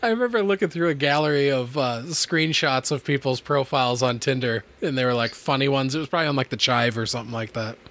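A man's voice: mid-range voice, quick pace, hardly any pauses, a bit bright. A man in casual podcast chat, laid-back and joking, with some swearing.

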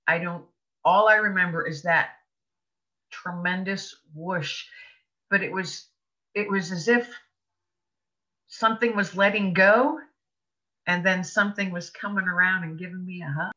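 A woman's voice: on the low side, fairly even intonation, measured pace, pauses often, bright, forceful tone. A woman guest on an interview show, telling a personal story earnestly and with laughs between thoughts. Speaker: podcast guest, author. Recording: dull lo-fi audio.

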